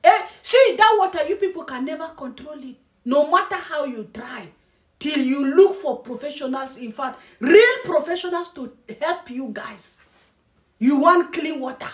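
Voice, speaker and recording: A woman vlogger scolds and mocks in her commentary, hammering her points home with repetition. Her voice is high-pitched. It is heard in an echoey room. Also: expressive, moderate pace. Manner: scornful, scolding, repeats herself for emphasis. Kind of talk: mocking reaction commentary. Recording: roomy echo.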